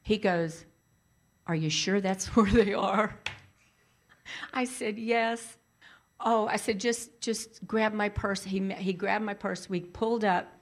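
A woman telling a personal story in a casual, animated way, repeating lines for emphasis. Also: medium pitch, slow.

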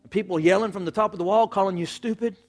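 A man's voice: sits high, fast talker, soft background music. A man preaching a sermon with folksy, impassioned delivery, calling out to the congregation. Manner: impassioned, call-and-response, folksy. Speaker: pastor.

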